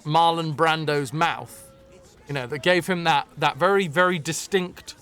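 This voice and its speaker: A man's voice: on the high side, measured pace, fairly bright tone, soft background music. A man streaming a video game, chatting and joking in a rambling, casual way. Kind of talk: casual live commentary.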